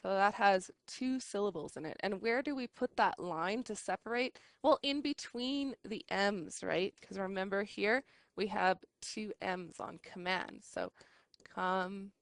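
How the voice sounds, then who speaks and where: Slow, patient woman teaching a lesson. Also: mid-range voice, a bit bright, no room sound. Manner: patient, slow, checks in with "right?". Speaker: English teacher. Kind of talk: classroom lesson.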